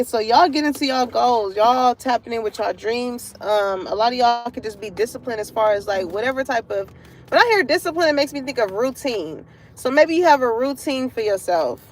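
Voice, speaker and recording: A woman with a slightly high voice reads tarot cards for her audience from a parking lot. She keeps it loose and conversational, peppering the reading with curses and frequent laughter. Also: expressive, normal speed, slight background noise. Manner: chatty, profane, laughs often. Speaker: tarot card reader. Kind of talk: casual spiritual reading to viewers.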